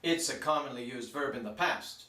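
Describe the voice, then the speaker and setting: A man teaching a Spanish grammar lesson, repeating each form and stressing it slowly. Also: medium pitch, pushed and bright. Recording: echoey room, mic at a distance.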